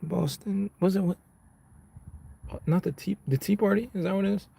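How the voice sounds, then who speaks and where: A man's voice: sits high, fairly even intonation, moderate pace, gravelly, warm tone, slightly rough. A man, chatting casually with his viewers on a live stream from his car, laid-back and rambling, calling people bro and man. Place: inside a car.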